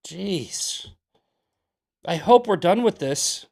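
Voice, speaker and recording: A man's voice: high voice, expressive, extremely slow, vocal fry, a little mellow. A young man hosting a political livestream, arguing heatedly with his chat in a combative, ranting way. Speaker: political commentator and show host. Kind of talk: livestream commentary answering chat.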